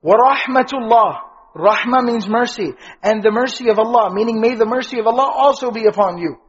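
A man's voice: sits high, brisk, breathy edge, lo-fi sound. A man teaching an Islamic lesson, explaining the meaning of prayer words, asking questions and answering them himself, with Arabic terms woven in. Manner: explanatory, asks and answers his own questions; fluent Arabic terms, repeats key phrases for emphasis.

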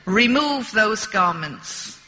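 A woman voicing a gruff, bearded male prison governor who growls curt orders. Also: extremely high pitch, big pitch swings, measured pace, bright, forceful tone, big-room sound, dull audio, voice pushed up, full character voice. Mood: growling orders.

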